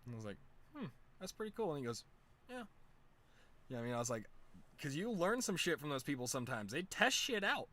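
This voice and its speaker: A man's voice: brisk, pauses often. A young man streaming, telling a rambling casual story with lots of slang and fillers, laughing often. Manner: excited, louder and higher when amused.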